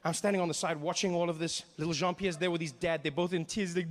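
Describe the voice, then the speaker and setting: Guy doing stand-up, pretty high voice, animated storytelling. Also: rapid-fire, hardly any pauses, a little hiss or hum. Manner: animated, acts out scenes. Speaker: stand-up comedian.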